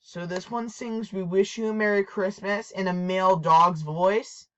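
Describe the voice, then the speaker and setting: A woman's voice: medium pitch, steady tone, measured pace, muffled recording. A woman presenting her toy collection in a casual show-and-tell, repeating herself and restarting her sentences often. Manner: repetitive, hesitant, restarts often.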